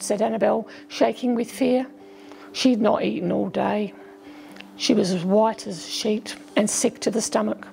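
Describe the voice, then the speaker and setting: A woman from England narrating a children's storybook aloud, gently voicing the characters' lines as she goes. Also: medium pitch, steady tone, unhurried, vocal fry, slight background noise, poor audio. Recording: faint music behind.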